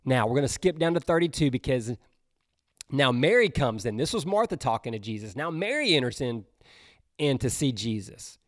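A man's voice: mid-range voice, very animated, dry recording, clean studio sound. A man preaching a sermon. He reads scripture dramatically and adds casual, conversational comments. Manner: reads scripture slowly and dramatically, then breaks into casual asides.

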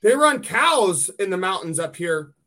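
A man from California hosting a podcast, telling hunting stories in a casual, animated way and swearing freely. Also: sits high, measured pace. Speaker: podcast host. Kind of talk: casual chat.

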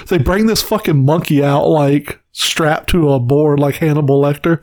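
A man co-hosting a casual podcast, retelling a cartoon episode in an animated way, swearing and laughing often. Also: a little high, normal speed, no room sound. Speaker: podcast co-host. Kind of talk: casual chat.

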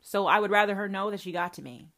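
A woman's voice: medium pitch, fast, fairly bright tone. A woman hosting a personal podcast, talking straight to her mother in a profane, confrontational and emphatic way. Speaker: podcast host.

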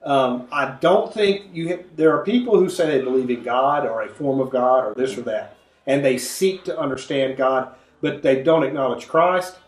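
A man leading a conversational Bible study, earnest, often coughing and clearing his throat. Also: medium pitch, moderate pace. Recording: echoey room.

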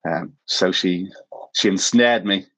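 A man with a lowish voice talks casually as a podcast guest, working his way through long personal anecdotes. He was born in South Africa and tells his stories with a self-mocking streak, often breaking into a chuckle at his own expense. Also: takes it slowly, fairly bright tone, low-quality recording. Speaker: podcast guest, former missionary. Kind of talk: casual anecdotal interview talk.

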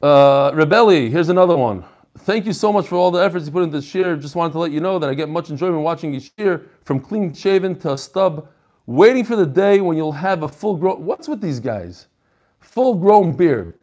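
A man with a fairly high voice leads a relaxed class. He chats and jokes, reads out messages from listeners, then moves on to the text. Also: brisk. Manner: chatty, joking, reads messages aloud. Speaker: rabbi teaching a Talmud class. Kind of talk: casual lesson with reading of emails.

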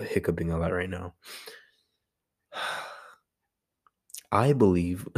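A man's voice: low-pitched, gravelly, a little mellow. A young man, a student, talking through a class assignment in a casual, rambling way, correcting himself and using slang.

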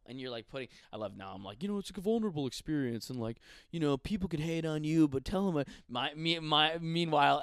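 A man's voice: on the high side, a bit bright, clear, resonant tone, dry recording, clean studio sound. A young man hosting a podcast, rambling through a profane, comedic monologue. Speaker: podcast host.

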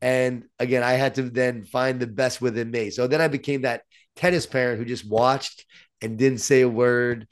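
Animated New York storyteller man. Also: medium pitch, normal speed, clean tone. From Long Island, New York. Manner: animated storyteller, self-deprecating. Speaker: author guest. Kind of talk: storytelling in conversation.

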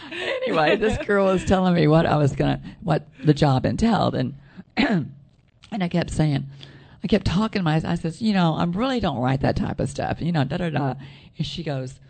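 A woman telling a personal story in casual chat, soft-voiced, rambling and correcting herself as she goes. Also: sits low, gravelly. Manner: rambling, self-correcting storyteller with frequent laughs.

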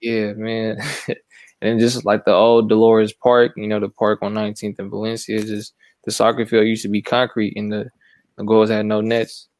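A young man from San Francisco reminiscing in a relaxed, casual chat. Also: fairly low pitch, normal speed, no echo.

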